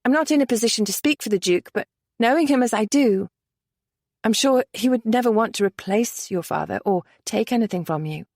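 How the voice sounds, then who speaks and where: A woman voicing a brisk, lively young lady. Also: a little high, no room sound, studio quality. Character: strong-willed, warm young English lady.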